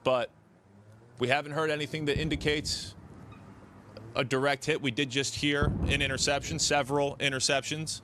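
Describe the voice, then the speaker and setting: A man reporting live outdoors in a city, steady and measured. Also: on the high side. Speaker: field news reporter. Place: outdoors in a city during air defense fire. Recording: outdoor street noise and air defense.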